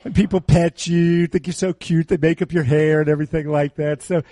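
Dark-voiced man preaching a casual sermon. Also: fairly high pitch, fairly even intonation, brisk, no room sound, studio quality. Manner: conversational, repeats key phrases for emphasis; teasing, joking asides with the congregation. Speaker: pastor. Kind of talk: informal sermon.

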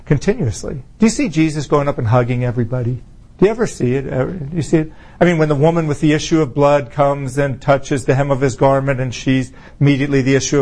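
A man preaching an informal sermon to his fellowship, conversational, full of rhetorical questions, slowing down for emphasis. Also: fairly high pitch, darkish tone. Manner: conversational, rhetorical questions, swings between slow emphasis and quick asides.

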